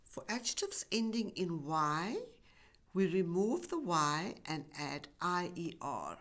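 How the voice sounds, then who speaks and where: A woman's voice: fairly low pitch, very animated, slow, a bit bright. A woman teaching English grammar in a recorded lesson, speaking carefully and stretching out example words. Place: university e-learning course.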